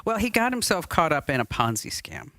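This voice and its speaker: Lively, laughing woman podcast host. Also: on the low side, fairly quick, dry recording. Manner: chatty, laughs often, lively storytelling. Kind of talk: casual studio banter. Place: podcast studio set.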